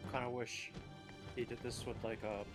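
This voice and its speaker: A man's voice: medium pitch, little pitch movement, normal speed. Rambling man chatting over game music. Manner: rambling, filler-heavy, swears. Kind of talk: casual chat during a stream.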